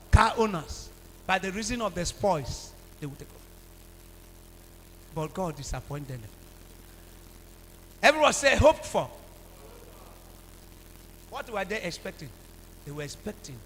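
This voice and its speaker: A Nigerian pastor with a high-pitched voice preaches in call-and-response fashion, dropping to low talk and then bursting into shouts. His voice carries a long reverb from a large church hall, with a faint hum underneath. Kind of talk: sermon.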